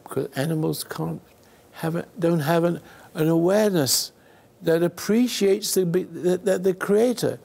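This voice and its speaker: A man hosting a spiritual call-in radio show, talking slowly and asking rhetorical questions as he preaches. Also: on the high side, vocal fry, darkish tone.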